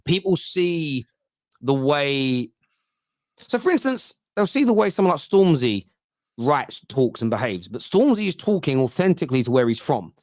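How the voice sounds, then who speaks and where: Cockney man telling animated stories. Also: on the high side, moderate pace, dry recording, studio quality. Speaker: football podcast host. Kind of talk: casual chat.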